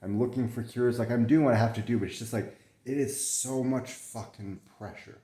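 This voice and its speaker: A man's voice: medium pitch, steady tone, normal speed, mellow, reverberant. A young man talking candidly from bed in a casual vlog, swearing often, restarting his sentences, coughing and short of breath. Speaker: vlogger sharing his illness. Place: in bed at home.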